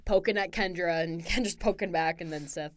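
A woman's voice: on the low side, brisk. A young woman co-hosting a casual book podcast, laughing often and playfully acting out characters' lines. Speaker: podcast co-host. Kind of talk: casual book-club chat.

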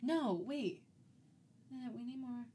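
A woman's voice: on the high side, slow, mellow, husky. A young adult woman hosting a casual podcast, chatty and giggly. She keeps laughing through her sentences and runs on with easy, rambling talk about a movie. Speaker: podcast host.

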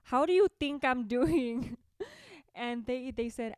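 With a high-pitched, slightly mellow voice and a slow delivery, a young woman who hosts a podcast and makes music tells a chatty story to camera. She laughs often and fills her speech with fillers, seated in a small orange bedroom by a window. The studio-quality recording has no room sound.

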